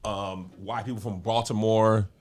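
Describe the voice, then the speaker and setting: A man's voice: on the low side, steady tone, measured pace. A man hosting a podcast in casual chat, easygoing and rambling. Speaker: podcast host.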